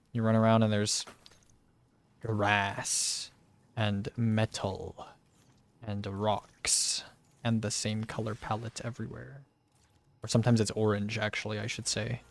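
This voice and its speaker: A young man streaming a game live, chatting to viewers in slangy, swearing, excitable gamer talk. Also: lowish voice, gravelly. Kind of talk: live gameplay commentary.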